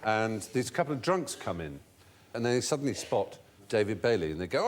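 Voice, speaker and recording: A man's voice: on the low side, fairly quick, slight background noise. An Englishman telling an anecdote on a comedy panel show, slipping into voices and chuckling. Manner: animated storyteller who slips into voices, chuckling as he goes.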